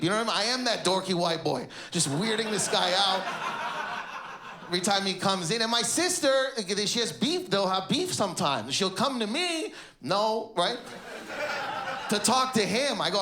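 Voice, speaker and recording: A man from Canada doing a stand-up comedy set, acting out his family members in sudden shouted bursts. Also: high-pitched, lively intonation, fairly quick. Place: comedy stage before a live audience. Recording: echoey venue with loud crowd laughter.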